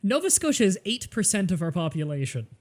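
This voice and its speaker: A man's voice: high voice, fairly quick. A young man with a Southern Ontario Canadian accent, chatting casually and laughing easily while he streams a game. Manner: chatty, lively, laughs easily, explains at length. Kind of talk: casual gaming commentary.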